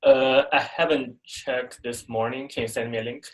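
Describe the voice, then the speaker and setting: A man's voice: medium pitch, fairly even intonation, moderate pace, poor audio. A man on a video call giving a short, easygoing update in a casual meeting. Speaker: meeting participant. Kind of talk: casual online meeting talk.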